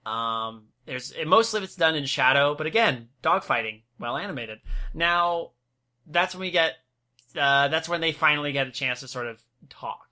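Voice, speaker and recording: A man's voice: fairly high pitch, animated, normal speed, bright, forceful tone. A man co-hosting a casual movie chat, retelling scenes and acting out characters' lines. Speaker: podcast co-host.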